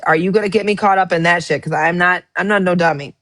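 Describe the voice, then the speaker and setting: A woman's voice: fairly low pitch, fairly even intonation, fast, a bit bright, no echo. A woman hosting a casual livestream, reading out text messages and telling her side of a dispute in a blunt, profane way. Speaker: livestream host.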